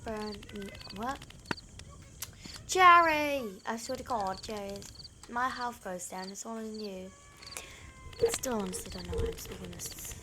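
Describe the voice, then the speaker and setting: A woman's voice: medium pitch, fairly even intonation, moderate pace, heavy background noise. A woman with a New Zealand accent hosting a gaming channel, playing a horror game and talking dramatically to the characters, jumpy and easily scared.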